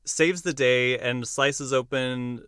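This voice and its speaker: A young man hosting a podcast, recapping a musical in casual chat, animated and quick to laugh. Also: medium pitch, clear, resonant tone, no room sound, clean studio sound. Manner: enthusiastic storyteller who acts out lines and laughs often. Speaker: podcast host.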